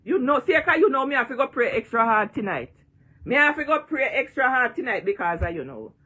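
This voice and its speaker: A woman's voice: sits high, sing-song, fairly quick, pushed and bright, husky. A woman in her sixties with a Jamaican accent, ranting and taunting in a vlog, repeating her jeers and cursing freely. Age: 60s. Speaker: online personality.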